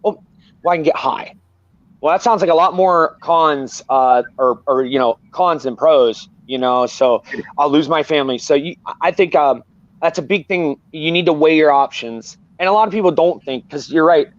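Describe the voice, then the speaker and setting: A man's voice: on the high side, moderate pace, no room sound. Earnest, rambling man on a dull line. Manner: earnest, rambling, repeats himself. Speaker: guest. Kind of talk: candid personal talk.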